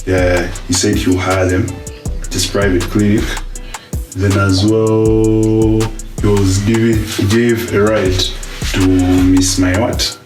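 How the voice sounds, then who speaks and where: A man co-hosting a casual podcast, telling stories in a relaxed, laughing way. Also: on the low side, slow, echoey room, far from the mic, over music, rough recording. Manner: relaxed, laughing, loose storytelling. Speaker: podcast co-host.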